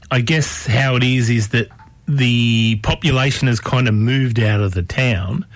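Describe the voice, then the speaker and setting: A man's voice: mid-range voice, dry recording. A man hosting a radio show, chatting casually and rambling with plenty of fillers and restarts.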